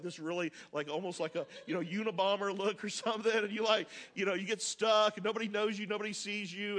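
A male pastor giving a sermon to his congregation, energetic and joking, talking straight to the people in the pews. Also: high-pitched. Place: church sanctuary with congregation.

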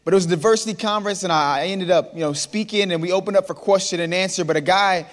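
A man's voice: high voice, quick pace. A man in his thirties, a motivational speaker telling stories to a live audience and calling out to the crowd. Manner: lively storyteller, calls out to the crowd. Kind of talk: storytelling talk to a live audience. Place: large hall before an audience. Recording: long hall reverb.

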